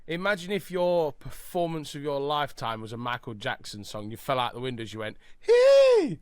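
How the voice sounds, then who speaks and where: A man's voice: medium pitch, fairly even intonation, a little fast, clear, resonant tone, no echo, studio quality. A man co-hosting a podcast in casual banter, joking, laughing a lot and swearing. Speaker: podcast co-host.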